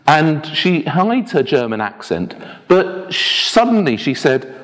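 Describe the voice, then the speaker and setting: Lively male minister preaching in a reverberant church. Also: fairly high pitch, slow. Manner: anecdotal, self-deprecating, lively storytelling. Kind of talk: sermon. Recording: long reverb of a church hall.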